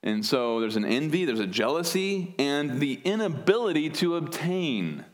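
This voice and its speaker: A man's voice: on the high side, big pitch swings, moderate pace. Man preaching an earnest expository sermon. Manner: earnest teaching with word studies and wry asides. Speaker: pastor.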